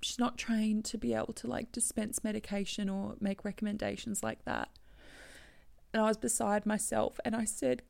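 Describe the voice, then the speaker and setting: A woman with a strongly gravelly, creaky voice speaks through tears. She halts and restarts, sometimes falling to a broken whisper. The sound is dry and close, with no room around it. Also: mid-range voice, flat delivery, a little mellow, no room sound. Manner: halting, tearful, drops to whispers. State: crying. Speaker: bereaved daughter telling her story. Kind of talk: emotional personal testimony.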